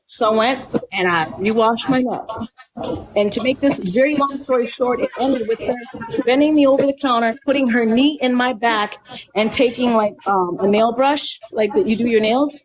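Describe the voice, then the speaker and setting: A woman from Colombia telling a personal story on a live stream in an earnest, measured way with many fillers and restarts. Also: fairly high pitch, a little hiss or hum, rough recording.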